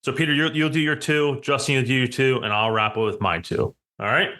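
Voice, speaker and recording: A man's voice: mid-range voice, brisk, sharp tone. A man hosting a podcast, running a casual dad-joke segment with many "all right"s and easy laughter. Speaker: podcast host.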